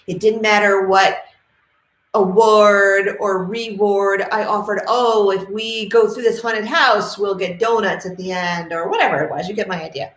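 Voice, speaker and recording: A middle-aged woman from New England, talking to camera as a dog trainer, telling stories with passion and quick acted-out quotes. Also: mid-range voice, fairly bright tone. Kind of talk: casual talk to camera. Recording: roomy echo.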